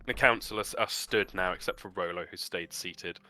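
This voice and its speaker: A man narrating as game master, lively and laughing, voicing the characters himself. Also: deep voice, moderate pace, faint music behind.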